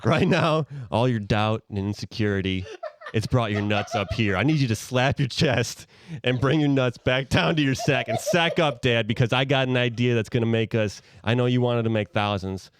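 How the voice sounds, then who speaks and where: A man's voice: medium pitch, normal speed, a little hiss or hum. A man co-hosting a podcast, telling a story in an easygoing way with many fillers. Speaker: podcast co-host. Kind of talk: casual chat.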